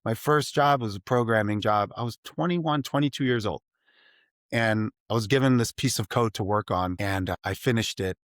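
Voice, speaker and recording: A middle-aged man, a math teacher and podcast guest, talking casually and animatedly, slipping into high put-on student voices as he tells stories. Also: normal speed, no room sound, clean studio sound. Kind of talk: casual interview conversation.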